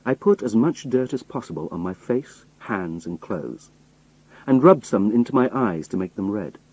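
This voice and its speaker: A man reading a story aloud in first person, expressive storytelling. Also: lowish voice, moderate pace, breathy edge, low-quality recording. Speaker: audiobook narrator. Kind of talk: scripted first-person narration.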